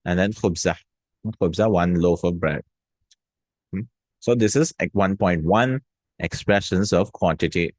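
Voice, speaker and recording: A man teaching vocabulary in a casual lesson, repeating words slowly and checking in with "hmm?" and "no?". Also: deep voice, darkish tone, dry recording. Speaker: Arabic teacher.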